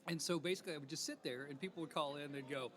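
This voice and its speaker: A man who grew up in Alabama, now a TV morning news personality, telling stories as a guest in a casual interview in a lively, animated way. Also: a little high, very fast, very noisy. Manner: lively, animated storyteller who acts out callers. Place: expo event.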